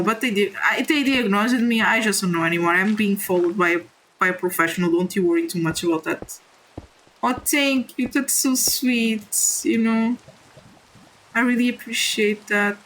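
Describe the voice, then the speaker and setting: A woman with a non-native English accent chatting candidly on a live stream while gaming, halting and apologetic. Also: medium pitch, a bit bright, a little hiss or hum, low-quality recording.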